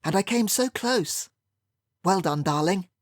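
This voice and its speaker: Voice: mid-range voice, expressive, unhurried, no room sound, studio quality, pitched above the performer's own voice. The audiobook narrator voicing a theatrical woman with an airy, drawling manner. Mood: sweetly gloating. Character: genteel upper-class English woman, theatrical, affected.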